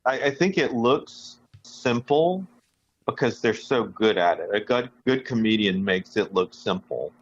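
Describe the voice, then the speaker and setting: Man, podcast co-host, casual rambling chat, fairly low pitch, slightly muffled sound. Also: lively intonation, measured pace, slightly rough. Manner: rambling, with many restarts and fillers.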